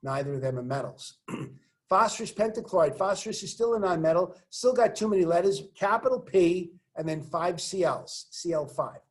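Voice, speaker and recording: Male chemistry teacher with a high voice, jokey and encouraging, drilling formulas in an online class. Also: expressive, normal speed. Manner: playful, joking asides while working through examples; encouraging, coaching students to say formulas aloud. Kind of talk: recorded online chemistry lesson.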